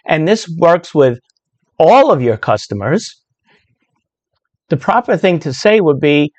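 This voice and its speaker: Low-voiced woman in her sixties, chatty. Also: very animated, takes it slowly, pauses often, a little mellow, no room sound. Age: 60s. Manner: chatty, loose, with many asides and fillers. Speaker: speaker sharing a personal story. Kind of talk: casual storytelling monologue.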